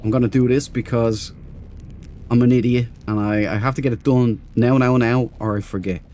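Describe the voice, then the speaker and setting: A man's voice: medium pitch, fairly even intonation, normal speed, warm tone, slight background noise. A man hosting a casual game stream, chatty and self-mocking, greeting viewers in chat by name. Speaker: gaming livestream host.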